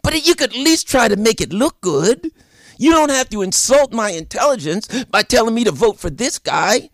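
A man hosting a political commentary show, delivering an animated opinion monologue full of repeated points and rhetorical questions. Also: high-pitched, normal speed, creaky, no echo, clean studio sound.

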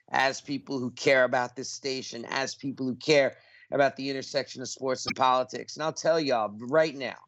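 A man's voice: medium pitch, a bit bright, dry recording. A man co-hosting a community radio show, making an upbeat pledge-drive appeal for donations. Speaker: radio co-host.

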